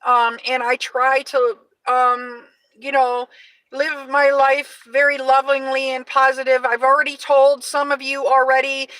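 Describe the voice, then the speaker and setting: A loud, energetic woman in her forties talks loosely on a live stream, full of "um"s and restarts. Her voice is high and bright. The sound is dry and picked up from a little way off the mic. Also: unhurried, no room sound, recorded from a distance, low-quality recording. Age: 40s. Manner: loud, energetic, chatty with many fillers. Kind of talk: casual live-stream chat.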